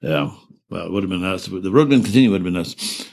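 A man's voice: low voice, lively intonation, quick pace, gravelly, a little mellow. An older man, a veteran, telling war stories in an oral history interview, rambling and profane, trailing off into restarts and laughing through grim memories.

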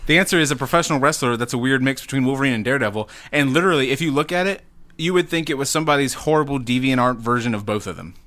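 A man with a bright, clear voice runs a quiz on a comedy podcast. He reads out the multiple-choice options at a quick clip and teases the players when they lose. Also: medium pitch. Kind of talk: casual comedy podcast banter.

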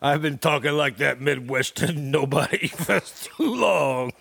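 Brash gravelly man cracking jokes. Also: fairly high pitch, measured pace, fairly bright tone, slight background noise. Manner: brash, boastful tough-guy patter with frequent laughs. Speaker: podcast co-host. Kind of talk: improvised comedy banter.

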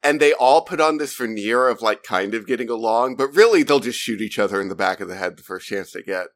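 A man co-hosting a podcast, thinking out loud as he searches for words in a casual discussion. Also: mid-range voice, expressive, a little fast. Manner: thoughtful, searches for words, mock-quotes characters. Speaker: podcast co-host.

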